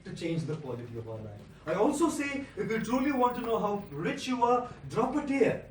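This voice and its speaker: Brief: male monk speaker, high-pitched, storytelling motivational speech, rhetorical repeats, captured far off in a noisy echoing hall. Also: brisk. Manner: animated storyteller with rhetorical repetition. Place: large indoor hall. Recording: echoey hall from a distant mic.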